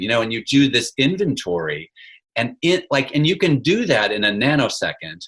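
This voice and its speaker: A man's voice: medium pitch, sing-song, normal speed, fairly bright tone, low-quality recording. A man talks as a podcast guest and walks through his ideas earnestly, like a teacher in a classroom. He keeps checking in with his listener as he builds each point. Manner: earnest, teacherly explaining with "you know" and "right?". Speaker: guest, arts educator. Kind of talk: casual interview chat.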